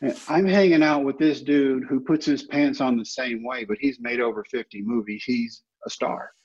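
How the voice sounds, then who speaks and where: A man in his fifties, a former ballplayer, telling animated stories as a podcast guest and acting out the quotes. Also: medium pitch, moderate pace, slightly rough. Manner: animated anecdotes with acted-out quotes. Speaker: guest, former baseball player. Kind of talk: storytelling interview. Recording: dull lo-fi podcast audio.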